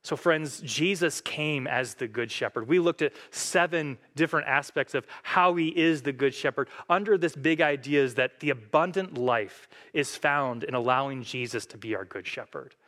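A man's voice: moderate pace, few pauses, fairly bright tone. A man pastor preaching a sermon in an earnest way, reading scripture aloud and lifting his voice as he quotes it. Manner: earnest, reads scripture aloud, rises in pitch and force when quoting.

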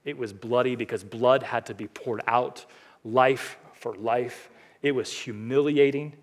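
A male pastor preaching a sermon, building to loud, high climaxes and then dropping to quiet, earnest passages. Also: fairly even intonation, unhurried.

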